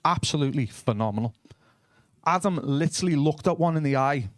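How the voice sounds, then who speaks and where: A young Liverpool comedian doing stand-up with a blunt, sweary delivery, often talking back and forth with the audience. His voice sits fairly high for a man. The sound is dry and close, with little room in it. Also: animated, a little fast, no echo. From Liverpool, England. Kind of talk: live stand-up comedy with crowd work.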